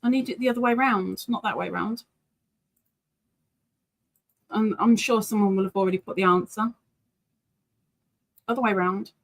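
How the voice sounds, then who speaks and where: A woman's voice: mid-range voice, moderate pace, vocal fry, pauses often, low-quality recording. A middle-aged woman hosting a casual livestream, chatting playfully and reading viewers' messages aloud. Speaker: livestream host.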